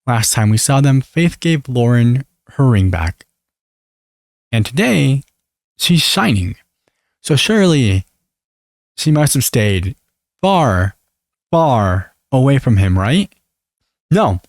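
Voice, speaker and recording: A man's voice: mid-range voice, big pitch swings, takes it slowly, pauses often, no echo, studio quality. Sarcastic young man recapping gossip. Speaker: video creator. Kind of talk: reality TV recap commentary.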